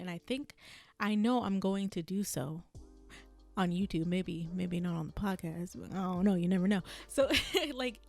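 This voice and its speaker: A woman's voice: mid-range voice, a little mellow. A young woman hosting a solo podcast, venting in a candid, rambling way, swearing freely and laughing at herself, her voice strained from a long day of recording. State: strained, burning vocal cords. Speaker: podcast host.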